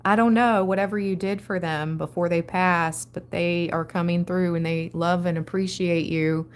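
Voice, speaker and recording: A woman hosting a live-stream tarot reading, reading card meanings aloud and breaking into excited asides. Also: fairly low pitch, slight background noise. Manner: slow, reads card text then riffs excitedly. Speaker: tarot reader.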